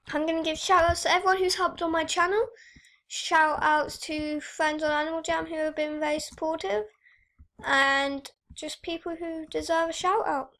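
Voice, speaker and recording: A teenage girl chatting excitedly while she plays an online game and thanks her subscribers. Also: sits high, vocal fry. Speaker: YouTuber. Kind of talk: casual gaming vlog commentary.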